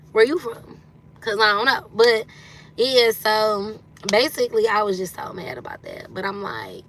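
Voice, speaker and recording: A woman's voice: a bit bright, a little hiss or hum. Chatty woman in her thirties. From Detroit, USA. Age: 30s. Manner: candid and chatty, acting out quotes with sudden jumps up in pitch. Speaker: livestream host. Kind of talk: casual storytelling chat.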